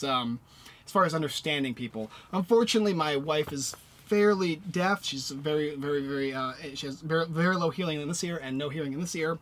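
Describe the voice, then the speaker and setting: A man casually reviewing a board game and walking through its rules, lively and playful as he demonstrates. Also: fairly high pitch.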